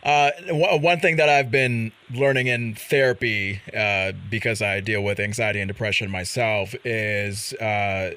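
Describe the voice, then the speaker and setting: A man's voice: fairly low pitch, fairly even intonation, unhurried, few pauses, sharp tone. A man hosting a talk show, asking thoughtful, searching questions in a casual chat. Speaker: show host.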